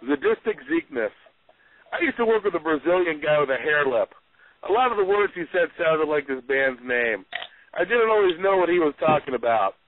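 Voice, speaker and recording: A man's voice: a little high, animated, fairly quick, a little hiss or hum. A man in casual chat, reading aloud from his book and telling wry, rambling stories. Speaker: author guest. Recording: tinny phone-like, dry sound.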